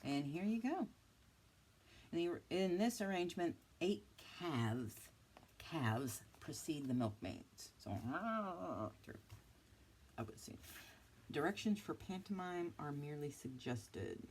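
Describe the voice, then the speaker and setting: A woman in her fifties talks through her craft finds in a low, rambling voice, poking fun at herself as she goes. A faint hum sits under the recording. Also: sing-song, slow, darkish tone. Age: 50s. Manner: chatty, self-mocking, giggly asides. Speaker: craft vlogger. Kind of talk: casual haul chat.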